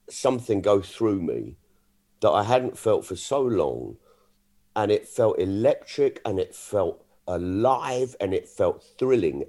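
A middle-aged comedian telling a story in a lowish voice. His pitch swings widely as he acts out quoted exchanges. He talks in a loose, animated way, often restarting his sentences. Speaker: comedian guest. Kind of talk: casual chat, storytelling.

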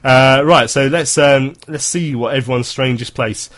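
A man's voice: medium pitch, normal speed, fairly bright tone. A man in his thirties hosting a casual football chat, chatty and laughing often as he reads out listener messages. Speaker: football podcast host.

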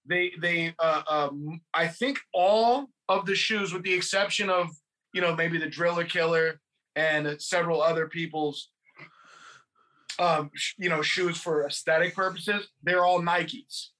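A man's voice: on the high side, measured pace, sharp tone. A man from California co-hosting a podcast, chatting casually, rambling, swearing and laughing. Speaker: podcast co-host. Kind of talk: casual chat about a film.

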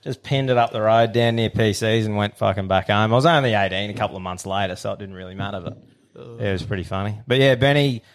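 A man's voice: on the low side, quick pace. Laughing Australian man, swearing host. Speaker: podcast host. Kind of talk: casual chat.

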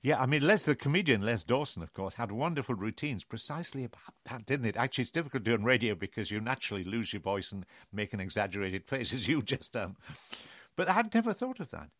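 A man's voice: medium pitch, big pitch swings, fast talker, a bit bright, no room sound, studio quality. An older man hosting a radio interview, asking probing questions in a jovial, conversational manner.

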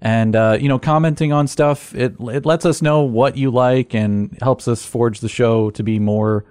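A man's voice: medium pitch, fairly even intonation, measured pace, darkish tone, clean tone, no echo. A man co-hosting a casual podcast, earnest and inviting as he asks listeners to join the discussion. The sound is dry and close. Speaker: podcast co-host.

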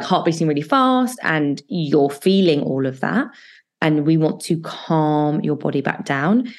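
A woman hosting a solo advice podcast as a coach, talking listeners through fear with reassuring words and slow guided breathing exercises. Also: low-pitched. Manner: warm, reassuring self-help delivery with slow guided breathing passages.

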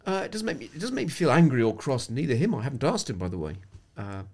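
His medium-pitched voice swings widely in pitch and sounds a little mellow, and he speaks fast. He's a middle-aged Englishman, a sports psychologist who guests on a podcast and tells reflective anecdotes, often restarting sentences.

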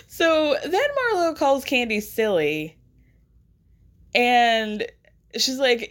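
A woman hosting a podcast in casual chat, chatty and animated, laughing often as she talks. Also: fairly high pitch, slow pace, pauses often. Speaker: podcast host recapping a reality show.

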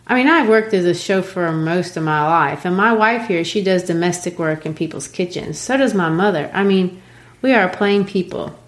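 A woman reading the halting, strained lines of a proud working-class man in crisis from a play. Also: fairly low pitch, echoey room, lightly acted.

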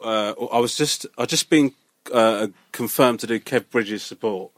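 A man, a comedian chatting casually on a podcast and telling sweary, animated stories. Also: mid-range voice, a little slow, no echo. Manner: animated storytelling, sweary, acts out other people's lines. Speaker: comedian guest.

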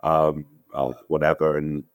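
A man in his thirties with a London accent, telling lively anecdotes as a guest on an interview podcast, acting out what others said. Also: unhurried, no room sound, clean studio sound. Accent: London English. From England. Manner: animated storyteller, acts out quotes with jumps in pitch. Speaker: guest actor.

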